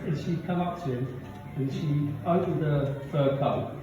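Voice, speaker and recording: Music plays behind this man's somewhat high voice as he delivers punchy stand-up jokes at a measured pace, playing the characters himself. The set is recorded live at a comedy pub with an audience, and the sound is roomy, distant and dull.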